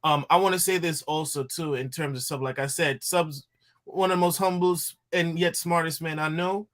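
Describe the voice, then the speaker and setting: A man's voice: a little high, steady tone, normal speed, a bit bright. A man on a live audio panel, speaking earnestly in support of a friend. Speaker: panel guest. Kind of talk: casual live audio chat.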